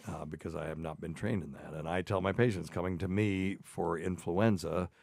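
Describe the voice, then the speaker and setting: A man in his sixties with a very low voice and a softened Southern accent. He hosts a casual talk show and tells folksy stories in a loose, easy way. The sound is close and dry. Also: normal speed, creaky, no echo. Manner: folksy storytelling. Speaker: host. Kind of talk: casual podcast chat.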